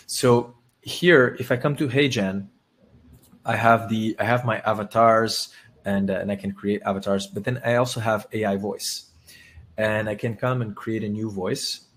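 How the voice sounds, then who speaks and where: A man hosting a live webinar, talking casually and haltingly with many restarts while he demonstrates software on screen. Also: fairly low pitch, steady tone. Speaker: webinar host.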